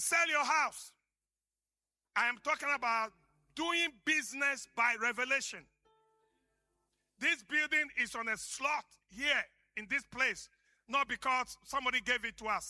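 A male pastor from Africa preaching a sermon, telling stories and shouting key lines for emphasis. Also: very high-pitched, dry recording.

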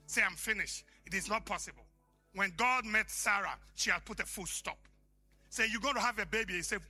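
A man preaching a sermon, swinging from shouted peaks to hushed, whispered lines. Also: sits high, a little fast, faint music behind.

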